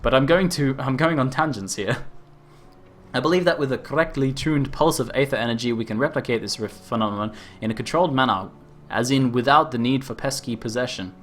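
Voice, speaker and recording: A man's voice: medium pitch, a little fast, a bit bright, a little hiss or hum, natural voice. A man voicing an eccentric, reckless male scientist-inventor in an over-the-top Australian stereotype accent, reading game dialogue with a cackle. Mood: cheery rambling. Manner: exaggerated, cackling quest-text reading.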